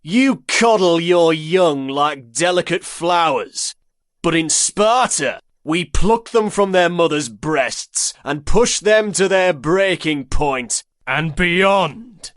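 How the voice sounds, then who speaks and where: A man voicing a gruff, commanding male Spartan leader who addresses a crowd loudly and slowly. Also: high voice, dry recording, clean studio sound, pitched above the performer's own voice. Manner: loud, slow, declaiming to a crowd. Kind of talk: audiobook character voice.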